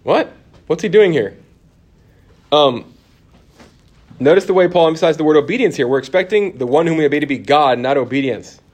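A man teaching a church Bible course to a class. He talks conversationally, poses questions to the room and fills pauses with ums and restarts. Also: on the high side.

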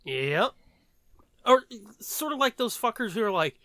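Podcast co-host, man, higher-pitched and bright, jokey rambling delivery, dry close mic. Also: very animated, a little slow, no echo. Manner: rambling, jokey, swears freely, laughs often. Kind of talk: casual chat.

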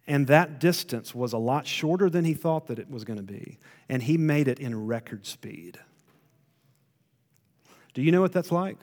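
A man preaching a sermon, retelling a story with emphatic rises and quiet drops. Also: fairly high pitch, expressive, moderate pace, long reverb tail. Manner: storytelling, rising to emphatic then dropping to quiet.

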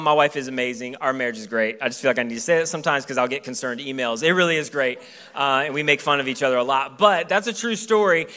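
A man's voice: a little high, sharp tone. A man in his thirties, a pastor preaching a sermon in church in a casual, joking storytelling way.

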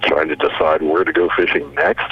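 A man's voice: rumbling low, very animated, moderate pace, vocal fry, breathy edge, phone-quality sound, faint music behind. A man being interviewed as a musician guest, laid-back and joking, laughing easily. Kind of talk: casual interview.

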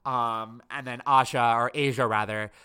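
A man's voice: medium pitch, fairly even intonation, sharp tone, clean tone. A man co-hosting a casual reality-TV recap chat, gossipy and opinionated. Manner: gossipy, opinionated, quick to laugh. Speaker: podcast co-host.

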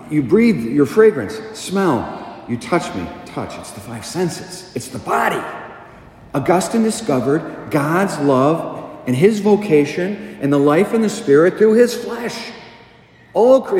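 Man, pastor, lively swooping pitch, chatty sermon, long church reverb. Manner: conversational, animated preaching with asides and questions to the congregation. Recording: echoey church, long reverb, faint ambience.

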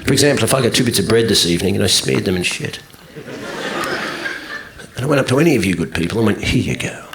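A man's voice: on the low side, animated, quick pace, creaky, crowd noise. A man performing a stand-up comedy set, ranting and swearing in an exasperated way. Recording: live club recording with background noise. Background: audience laughter.

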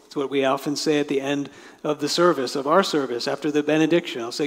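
A pastor with a fairly high voice preaches a sermon at a fairly quick pace, speaking conversationally and adding asides to explain. He is in a church sanctuary, and the recording has the long reverb of a big hall.

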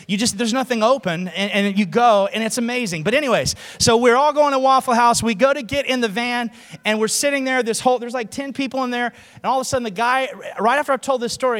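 A man's voice: high voice, fairly bright tone. A man preaching a sermon, telling stories with animation and acting out the other people's voices in a large church hall. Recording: long hall reverb.

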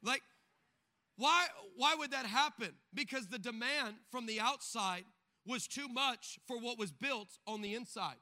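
A man's voice: extremely high pitch, unhurried, sharp tone. A male pastor preaching a sermon, mixing emphatic exhortation with comic stories where he acts out the voices of the people in them. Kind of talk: sermon with humorous storytelling.

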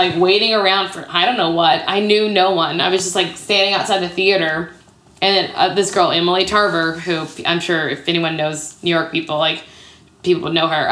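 A woman's voice: lowish voice, a bit bright. A woman in her thirties, an improv comedian telling stories as an interview guest in a chatty way, full of "like". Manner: chatty, peppered with "like". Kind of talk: casual storytelling interview. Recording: roomy echo.

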